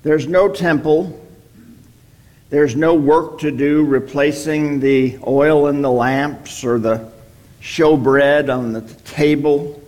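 A man's voice: a little high, fairly even intonation, a little mellow. A man teaching a Bible study, explaining a passage verse by verse and often checking in with "okay?". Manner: slow, deliberate, checks in with "okay?".

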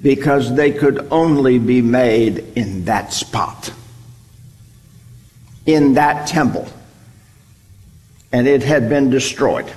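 Slow-speaking man teaching scripture in a hall. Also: medium pitch. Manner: explanatory, repeats key words for emphasis. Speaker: Bible teacher. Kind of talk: Bible study teaching. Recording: long reverb, hall.

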